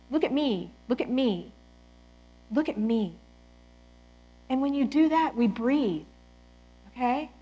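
High-pitched woman preaching to parents, chatty and animated, acts out bible quotes. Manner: animated, conversational, quotes scripture in character. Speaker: Christian speaker to parents. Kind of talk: talk to a church audience.

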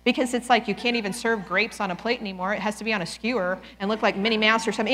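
A woman in her forties giving a lively, conversational Christian talk to parents, often quoting scripture as if speaking the words herself. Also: mid-range voice, rapid-fire, few pauses, a little hiss or hum. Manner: animated, conversational, quotes scripture in character. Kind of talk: talk to a church audience.

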